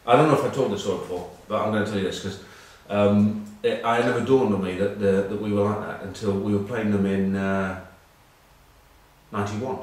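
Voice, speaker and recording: Faint background noise, a far-off mic and a very echoey room frame this casual monologue from an English former rugby captain in his forties, presenting a web news piece. His voice is on the low side, steady and a little fast as he rambles through anecdotes with dry self-mockery and lots of ums and uhs.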